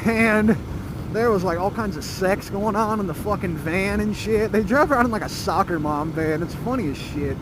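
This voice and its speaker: Male moto vlogger, swears a lot, loose storyteller, high voice, road and engine noise behind. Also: moderate pace. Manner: profane, rambling, laughing storyteller. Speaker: motorcycle vlogger. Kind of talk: casual storytelling. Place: outdoors on a motorcycle in traffic. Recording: helmet mic with road noise.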